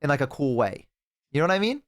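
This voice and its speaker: A man's voice: a little high, big pitch swings, fast, no echo, studio quality. A man streaming live, chatting casually to his viewers, rambling and swearing freely.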